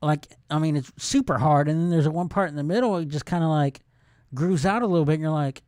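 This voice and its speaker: A man in his forties co-hosting a podcast, relaxed and anecdotal in casual chat. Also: fairly high pitch, fast talker, dry recording, studio quality. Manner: relaxed, anecdotal, hums tunes aloud. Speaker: podcast co-host.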